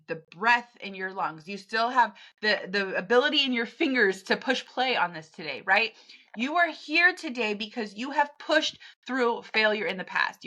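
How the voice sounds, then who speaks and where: A woman hosts a motivational podcast and talks straight at the listener. Her voice is bright and a little high. She is blunt and emphatic, pressing the point again and again like a coach. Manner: direct, pep-talk, blunt and emphatic. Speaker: podcast host. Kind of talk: motivational monologue.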